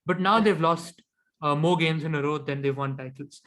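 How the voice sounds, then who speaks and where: A man with a slightly higher-pitched voice co-hosts a casual cricket chat. He gives firm, analytical opinions on players and teams. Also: normal speed, a bit bright. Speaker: cricket podcast co-host.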